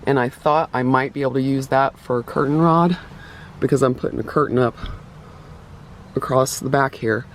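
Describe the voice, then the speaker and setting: Male vlogger, middle pitch, casual and rambling, slightly out of breath, faint noise behind. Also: steady tone, normal speed. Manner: rambling, self-correcting, chatty. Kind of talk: casual build update to camera. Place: inside a vehicle being built out.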